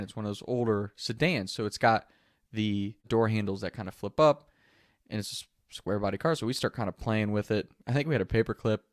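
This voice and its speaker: A young man tells an old high school story in an easy, chatty way, laughing through parts of it. His voice sits at a middle pitch and sounds dry and close, with no room around it. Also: no room sound. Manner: laughs through the telling, animated. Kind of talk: casual anecdote.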